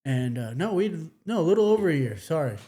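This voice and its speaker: A man's voice: a little high, big pitch swings, dark tone. A man from Michigan, a hunting guide, telling stories in a casual interview with frequent laughs and restarts. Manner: halting, laughing, many restarts. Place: a house in the countryside.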